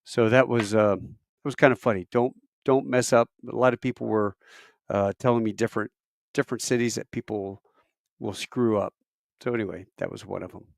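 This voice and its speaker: A man's voice: lowish voice, steady tone, moderate pace, vocal fry, no room sound, clean studio sound. A man who works airline crew, talking casually on a live stream and rambling with fillers as he tells stories. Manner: rambling storyteller with fillers and restarts. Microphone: camera mic on a live stream.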